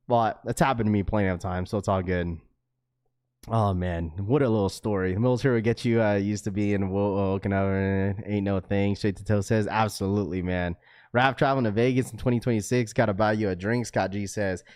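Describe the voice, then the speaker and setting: Animated man telling a story on a livestream. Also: mid-range voice, brisk. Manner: animated, laughs a lot, swears, says bro constantly. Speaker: livestream host. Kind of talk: casual storytelling to live chat.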